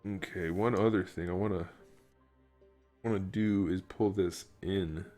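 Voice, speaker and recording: Faint music plays as a man with a low, mellow, unhurried voice and fairly even intonation works on a toy figure on stream. He thinks aloud, half muttering to himself, and adds jokey asides for the people watching.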